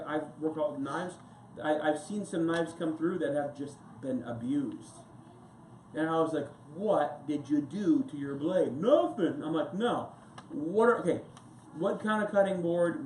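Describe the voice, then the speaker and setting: An American pastor with a fairly high, slightly mellow male voice preaches in an echoey church, with slight background noise. His sermon is conversational and rambling, dotted with personal stories and asides.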